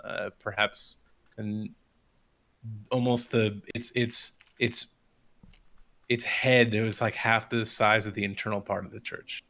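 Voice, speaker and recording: Gravelly-voiced male game master. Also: fairly low pitch, little pitch movement, bright, forceful tone. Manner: halting, restarts while describing. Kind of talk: narrating a tabletop game.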